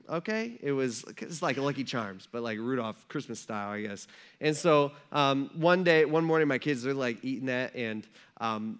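A man in his thirties preaching a sermon from a church stage, telling stories in an animated, conversational way with lots of asides. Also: fairly high pitch. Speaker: pastor.

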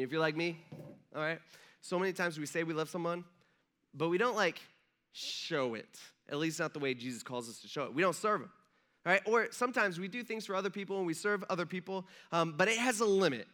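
Bright-voiced casual young preacher. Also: male voice, a little high. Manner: casual, animated, conversational with lots of fillers. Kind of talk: sermon.

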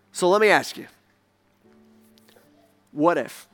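A male pastor preaching a sermon in an animated way, acting out the voices he quotes and swinging between loud and soft. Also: sits high, moderate pace, pauses often, soft background music.

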